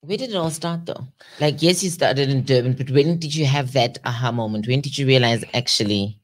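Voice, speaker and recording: A male interview host with a middle-pitched, everyday voice. He prompts his guest with questions and short encouraging replies, keeping the talk conversational. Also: fairly quick.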